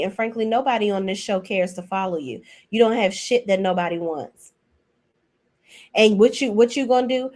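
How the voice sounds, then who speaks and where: A woman in her forties giving a blunt, profane, sassy reality TV recap rant as host. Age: 40s. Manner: mocking and animated, swings between high and low. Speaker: commentary host.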